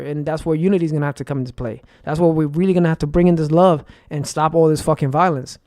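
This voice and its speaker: Young man, high-pitched, rambling and profane, dry close sound, conspiracy rant. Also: steady tone, racing, hardly any pauses, darkish tone, no echo. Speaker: vlogger.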